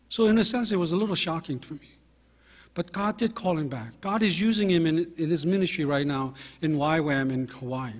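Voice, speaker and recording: A man in his fifties, a pastor telling anecdotes in a relaxed sermon, with fillers and self-deprecating humor. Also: a little high. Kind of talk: conversational sermon storytelling. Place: church sanctuary. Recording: long hall reverb from a church.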